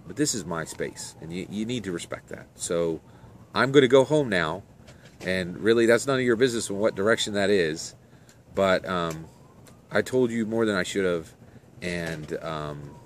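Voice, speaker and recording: The narrator plays a grieving man who guards his own space, with a very low voice. He speaks haltingly and trips over repeated words. A faint outdoor hum sits underneath. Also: animated. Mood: firm.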